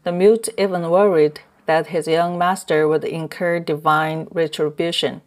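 A woman narrating a translated novel as an audiobook in a measured reading. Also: deep voice, steady tone. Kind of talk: scripted narration.

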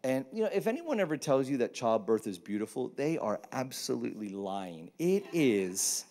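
A man, preaching a sermon with animated, humorous storytelling. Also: medium pitch, moderate pace. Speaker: pastor.

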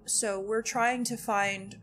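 A woman playing a tabletop game who speaks earnestly and haltingly as her character tries to talk things through. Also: a little high, fairly even intonation, fairly bright tone, slight background noise. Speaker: player. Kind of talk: in-character role-play.

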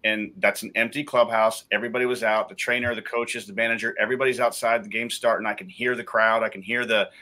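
Male guest, bright forward voice, heartfelt personal testimony. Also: fairly low pitch, level tone, fast talker, few pauses. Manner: heartfelt storytelling.

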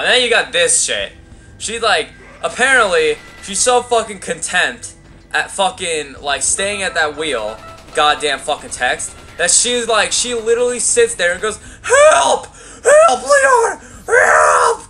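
A man's voice: sits high, sing-song, measured pace, bright, forceful tone, faint music behind. A young man giving rambling, crude, profanity-heavy commentary over a video game playthrough. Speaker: gameplay commentator. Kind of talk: let's play commentary.

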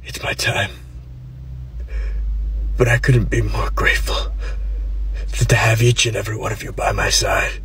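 A man's voice: level tone, normal speed, pauses often, fairly bright tone, breathy edge. A man voicing a dying father who whispers goodbye and then panics in confusion. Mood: tender whisper. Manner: whispery farewell, then high panicked questions. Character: dying father in bed, bewildered.

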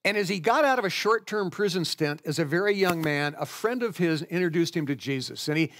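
Higher-voiced man preaching conversationally. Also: animated, fairly quick, a bit bright. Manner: conversational, explains scripture verse by verse. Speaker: pastor. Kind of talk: sermon.

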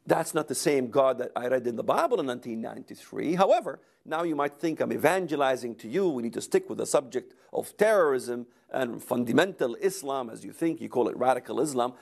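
A man's voice: mid-range voice, vocal fry, darkish tone. A man giving a lecture recorded for video, speaking emphatically and repeating words for rhetorical effect.

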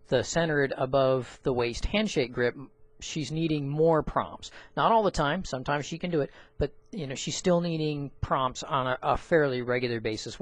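A man's voice: medium pitch, dry recording. A man who teaches orientation and mobility explains an assessment tool in a loose, rambling way, with many fillers and restarts. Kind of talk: screen-recorded software walkthrough.

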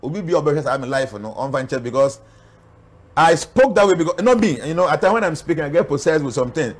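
Quick and lively in intonation, this Ghanaian-accented man's voice leans high as he speaks as a spiritual guest in an interview. He warns and preaches earnestly, switching between Twi and English.

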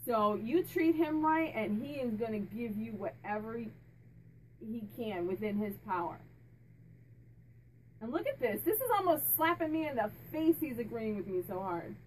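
High-voiced woman channeling a spirit. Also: animated, moderate pace, distant mic, a little hiss or hum, poor audio. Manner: chatty, warm-hearted, many restarts and fillers; laughs and jokes with the spirit. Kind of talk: casual channeling talk to camera.

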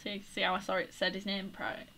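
A woman's voice: mid-range voice, completely flat delivery, fairly quick, gravelly, bright, forceful tone, faint music behind. A woman commentating a life-simulation game, chatty and flustered, scolding her game characters. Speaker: gaming YouTuber. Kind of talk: casual let's-play commentary. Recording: background noise.

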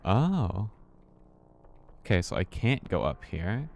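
A man's voice: on the low side, sing-song, takes it slowly, creaky, a little mellow, slight background noise. A man streaming a horror game, talking to himself with nervous laughs and swearing. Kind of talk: casual let's-play commentary.

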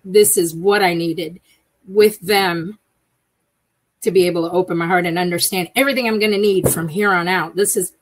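A woman's voice: on the low side, fairly even intonation, moderate pace, low-quality recording. A woman on a live video call, sharing her personal story candidly and with self-mocking humor. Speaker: community member on a live call.

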